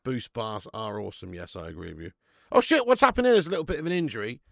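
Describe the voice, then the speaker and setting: A man's voice: medium pitch, lively intonation, quick pace, gravelly, fairly bright tone, no echo, clean studio sound. A man hosting a live football watch-along, swearing and laughing as he bants with viewers in the chat.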